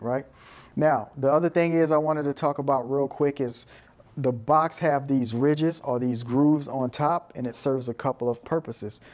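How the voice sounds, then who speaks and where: A man's voice: medium pitch, darkish tone. A man giving a casual, conversational walkthrough of his equipment for his channel, often checking in with "right?" and "you know". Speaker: video creator showing his gear. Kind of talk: casual show-and-tell walkthrough.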